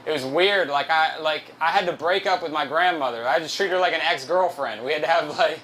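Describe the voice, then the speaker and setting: A man's voice: on the high side, fairly quick, fairly bright tone, a little hiss or hum, poor audio. A man doing a stand-up comedy set at a live venue, loose, profane and self-mocking, on a handheld stage mic.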